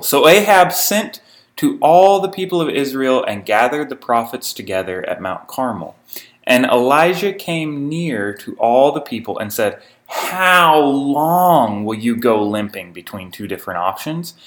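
A man reading a scripture passage aloud and breaking in with informal comments of his own. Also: medium pitch. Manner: reads the passage steadily, breaks in with informal asides. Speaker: preacher.

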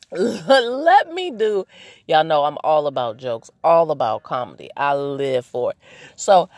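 A woman hosts her own podcast, chatting casually and playfully straight to her listeners. Her voice sits a little low for a woman, and she laughs easily between points. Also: a little mellow, no echo. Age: adult, married. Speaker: podcast host. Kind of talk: casual solo podcast chat.

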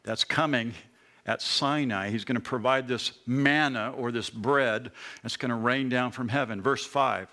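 A middle-aged man preaching a sermon to a congregation, explaining scripture in a conversational way with animated asides. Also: medium pitch, a little slow. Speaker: pastor.

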